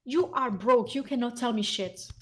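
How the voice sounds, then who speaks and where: High-pitched woman ranting angrily. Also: moderate pace. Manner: heated, profane, ranting while reading aloud. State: hoarse. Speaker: vlogger. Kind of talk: angry reaction rant.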